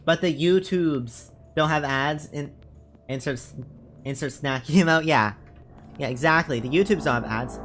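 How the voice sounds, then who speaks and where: A man's voice: fairly high pitch, a little slow, over music. Rambling, chatty male streamer. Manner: rambling, chatty, lots of fillers and self-corrections. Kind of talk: casual live-stream chat while gaming.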